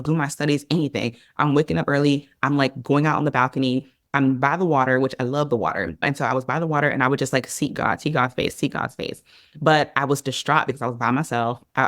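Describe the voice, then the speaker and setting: A woman's voice: rumbling low, no echo. Chatty woman telling a story, dry sound. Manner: animated, chatty, heavy use of "like" and "girl". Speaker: podcast guest. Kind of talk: casual storytelling in an interview.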